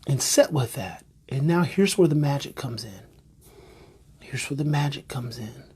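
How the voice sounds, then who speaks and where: A man's voice: medium pitch, animated, a little slow, a little mellow, slightly rough. A man who teaches parenting, giving an emphatic live-streamed talk and repeating his key phrases and rhetorical questions. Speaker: parenting educator.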